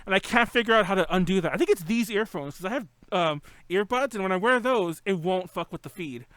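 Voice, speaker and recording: This high-pitched, animated host talks briskly with a fairly bright tone, recorded cleanly without echo on a home computer mic over an online call. His casual podcast chat is full of rambling, self-corrections, and frequent laughter.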